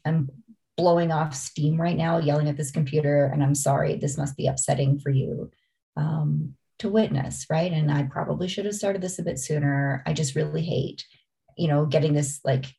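A middle-aged woman chatting casually, telling animated stories and acting out what people said. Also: low voice, normal speed, gravelly. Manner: animated storyteller, acts out voices. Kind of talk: casual chat.

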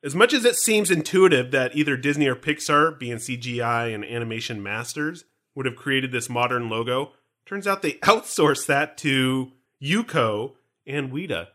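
A man's voice: mid-range voice, moderate pace. A man hosting a fan podcast, chatting casually and teasing his co-host with jokes. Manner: joking, teasing, animated.

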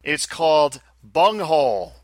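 A man's voice: on the high side, very animated, slow, no echo. A man co-hosting a casual pinball podcast, laughing and teasing through the banter. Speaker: podcast co-host. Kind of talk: casual chat.

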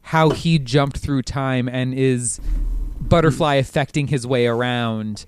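A man co-hosting a casual podcast, rambling in a relaxed way with jokey asides. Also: mid-range voice, slow pace, clean tone. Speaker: podcast co-host. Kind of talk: casual chat.

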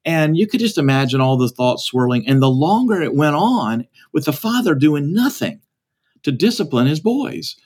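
A man's voice: a little high, big pitch swings, moderate pace, darkish tone, husky. A man, a pastor and author, telling a story earnestly and acting out its voices as a podcast guest. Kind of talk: storytelling talk.

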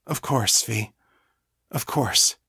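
A man voicing a young male healer in an audiobook, speaking in a gentle, reassuring way. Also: mid-range voice, slow pace, gravelly, breathy edge, no room sound, clean studio sound, full character voice.

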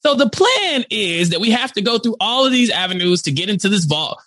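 A man co-hosting a casual movie podcast, talking in an animated way and acting out quotes. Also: high voice, brisk, no echo. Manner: animated, acts out quotes in voices. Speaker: podcast co-host.

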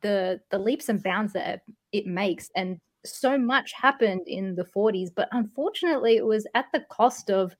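A woman's voice: medium pitch, lively intonation, normal speed. A woman co-hosting a podcast in casual chat, earnest and blunt, swearing freely. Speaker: podcast co-host.

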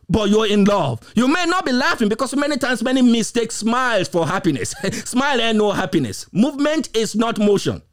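A man's voice: very high voice, very animated, fairly quick, hardly any pauses. A man preaching a sermon, stretching out key words and firing off rhetorical questions. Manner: emphatic, repetitive rhetorical questions, occasional laughs.

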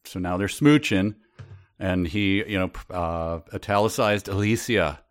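A man with a lowish voice makes wry, slightly hesitant remarks in a casual comedic chat. He pauses a lot with fillers and keeps a relaxed, joking tone as a co-host. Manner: wry, hesitant, laughing asides. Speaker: podcast co-host. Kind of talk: casual comedic book read-along.

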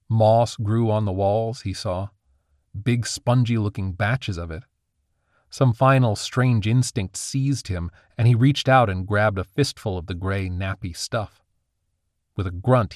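Man reading an audiobook, lowish voice, dry close sound, steady storytelling. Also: no echo. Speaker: narrator. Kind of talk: scripted audiobook narration.

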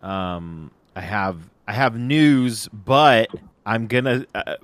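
A young man hosting a podcast in casual chat, relaxed and hesitant with fillers. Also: fairly low pitch, slow pace. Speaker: podcast host.

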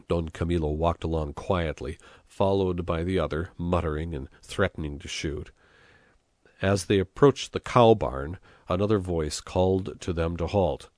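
A man narrating an audiobook at a measured storytelling pace. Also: low-pitched, a little mellow, dry recording, studio quality. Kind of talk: scripted narration.

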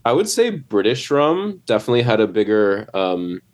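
A man's voice: on the low side, sing-song, normal speed. A man, the guest bar owner, chatting casually on a podcast and retelling stories with lots of fillers.

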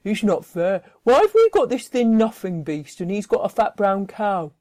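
A woman's voice: mid-range voice, very animated, normal speed, mellow, natural voice. A woman voicing Dillard, a sulky, resentful miserly husband who complains in a whiny way. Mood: sulking.

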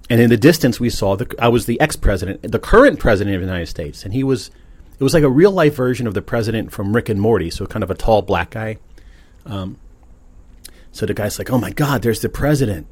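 A man hosting a podcast, talking to himself in a relaxed, chatty, self-amused way. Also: lowish voice, a little fast. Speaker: podcast host. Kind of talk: casual rambling monologue.

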